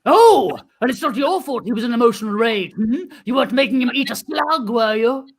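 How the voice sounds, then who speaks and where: A man's voice: extremely high pitch, lively intonation, fairly quick, exaggerated voice. A man voicing a sly, sinister old hermit who lures people in and summons storms, in an improvised comedy scene. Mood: mocking. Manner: wheedling, sly.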